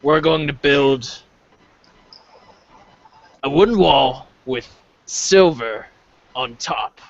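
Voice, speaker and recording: A man's voice: mid-range voice, expressive, no room sound, lo-fi sound. A man playing a tabletop game, talking casually and swearing now and then. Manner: slow, gravelly, swearing casually. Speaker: player.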